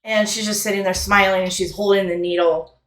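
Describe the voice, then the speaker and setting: A woman's voice: mid-range voice, fairly even intonation, fairly quick, a bit bright. A woman narrating as game master in a loose, rambling, casual storytelling manner with some swearing, recorded in an echoey room.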